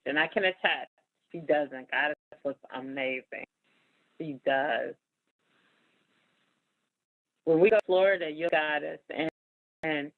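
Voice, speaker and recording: A woman's voice: low voice, no room sound. Woman, 40s, podcast host; candid and emphatic, casual chat, dry lo-fi phone sound. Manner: candid, emphatic, laughs often.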